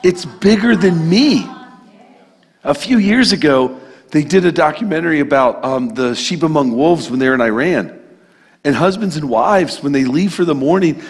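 A man's voice: on the high side, lively intonation, moderate pace, husky. A man preaching a sermon in a church in a conversational, emphatic way, with casual asides. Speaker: pastor. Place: church sanctuary. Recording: long hall reverb.

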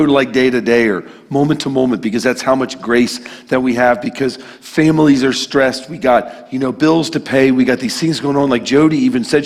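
Casual preaching man, hall reverb. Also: medium pitch. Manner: conversational and emphatic, with casual asides. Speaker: pastor. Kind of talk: sermon. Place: church sanctuary.

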